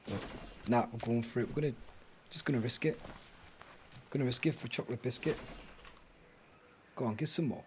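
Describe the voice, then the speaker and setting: A man's voice: medium pitch, brisk, long pauses, slight background noise. A man streaming a survival game live, chatting to himself and his viewers in a rambling, self-mocking way. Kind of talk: live gameplay chat.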